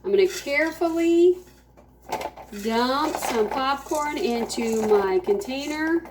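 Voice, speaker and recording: Slow, gentle woman teacher. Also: high-pitched, lively intonation, background noise. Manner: slow, gentle, talking to children. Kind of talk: classroom cooking demo.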